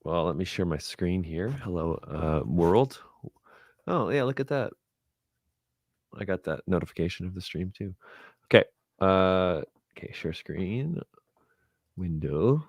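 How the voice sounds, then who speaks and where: As a guest presenter doing a screen-share, a man with a very low voice leads a casual tutorial, thinking aloud in chatty, unpolished talk. His intonation is lively, his pace a little slow with long pauses, and the sound is dry and close with no room echo.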